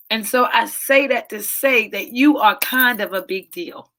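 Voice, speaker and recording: A woman's voice: on the high side, unhurried, few pauses, sharp tone. A woman hosting a live inspirational talk as a soul coach, speaking with preachy, emotional repetition and close to tears. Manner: preachy, emotional, repeats phrases for emphasis.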